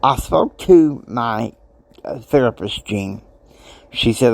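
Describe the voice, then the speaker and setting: A man's voice: mid-range voice, expressive, slow, gravelly. A man telling a personal story, emotional and acting out the voices of people he quotes.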